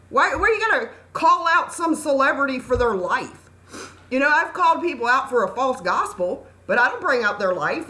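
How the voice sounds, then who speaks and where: A woman's voice: a little high, bright, forceful tone. A middle-aged woman hosting her own channel, talking earnestly and scolding her viewers in a preachy, emphatic way. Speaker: channel host. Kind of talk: impassioned talk to camera.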